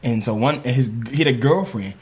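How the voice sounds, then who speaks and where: A man telling a funny story on a comedy podcast in casual chat, animated and laughing as he acts out loud voices. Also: medium pitch, moderate pace, breathy edge. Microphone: studio podcast mic.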